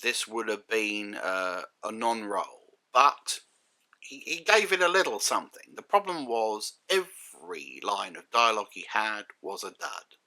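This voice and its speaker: A man's voice: fairly low pitch, very animated, measured pace, pushed and bright. A man giving a sardonic, exasperated spoken review, full of rhetorical questions. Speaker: critic and reviewer.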